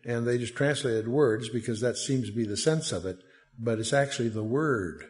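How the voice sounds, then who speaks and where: A man leads a Bible study lecture in a conversational, digressive style full of asides, lifting his voice when he reads scripture aloud. He speaks at medium pitch and a moderate pace, with a darkish tone.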